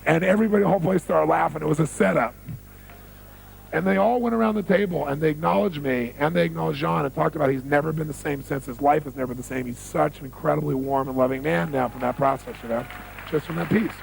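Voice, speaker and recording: A man's voice: on the high side, quick pace, vocal fry, a little hiss or hum, rough recording. A man giving a motivational seminar talk on stage, telling stories, repeating key phrases for emphasis and quizzing the audience. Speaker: motivational speaker.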